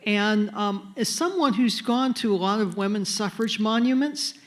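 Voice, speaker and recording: A woman's voice: medium pitch, moderate pace. Woman audience member, passionate questioner. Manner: rambling, passionate, many fillers.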